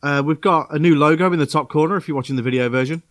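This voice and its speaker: A man with a fairly high voice hosting a podcast, bantering cheerfully and laughing, often restarting his sentences. The sound is dry and close to the mic, with no room echo. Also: very fast, fairly bright tone. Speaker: podcast host. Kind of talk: casual chat.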